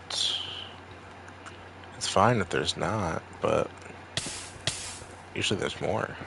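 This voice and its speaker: A creaky, low voice with a sharp tone belongs to a man with a Maine accent who streams a video game and chats casually with viewers, rambling and swearing freely. A little hiss or hum can be heard.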